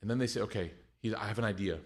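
A man giving a lively, conversational sermon in a mosque, acting out the people in his stories. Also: fairly low pitch, rapid-fire. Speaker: preacher.

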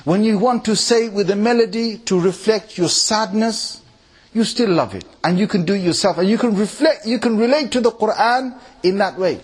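A man delivering a lively sermon to a packed hall of listeners, his voice sitting a little above the usual male range. He keeps throwing rhetorical questions at the crowd and swings between loud emphatic bursts and low, quiet asides. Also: moderate pace, breathy edge. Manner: animated, quizzes the audience with rhetorical questions. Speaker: Islamic preacher addressing a gathering. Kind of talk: lively sermon with recitation examples.

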